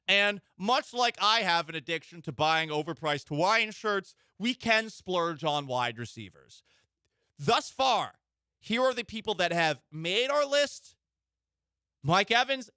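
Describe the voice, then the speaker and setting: Lively, bright-voiced sports radio host. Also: male voice, sits high, clean tone, no echo, studio quality. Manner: animated, joking, rambling asides.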